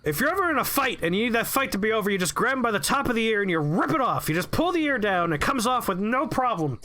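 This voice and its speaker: A man's voice: sits high, big pitch swings, fast, sharp tone, pitched above the performer's own voice, heavily acted. A man putting on a raging, frantic middle-aged boss who screams and rants over and over. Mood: frantic ranting. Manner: screaming, frantic, repetitive ranting.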